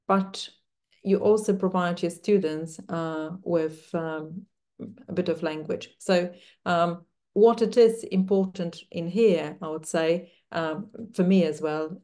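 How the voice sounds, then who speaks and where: English woman teacher chatting through tips, slightly low voice, lots of little pauses. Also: a little mellow. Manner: conversational, hesitant, frequent pauses. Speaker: language teacher and trainer. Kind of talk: online teacher-training talk.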